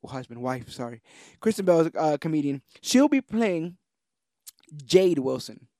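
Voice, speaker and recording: A man's voice: fairly high pitch, very animated, normal speed, warm tone, dry recording, studio quality. A man co-hosting a casual podcast chat, rambling enthusiastically and correcting himself as he goes. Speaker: podcast co-host.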